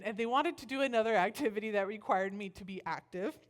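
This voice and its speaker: A woman's church talk is personal storytelling, delivered with animation as she mimics the voices she quotes. She speaks at medium pitch, a little fast, with few pauses.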